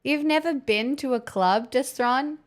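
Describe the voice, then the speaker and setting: A woman's voice: high-pitched, a little slow. An Australian woman livestreaming, chatting casually and answering viewers' messages with rambling restarts.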